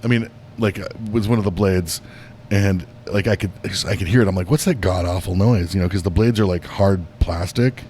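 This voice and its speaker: A man with a fairly low voice talks casually on a podcast, grumbling and swearing as he goes. A faint rumble sits under the recording. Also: a little fast, a little mellow. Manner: profane, grumbling. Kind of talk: casual chat.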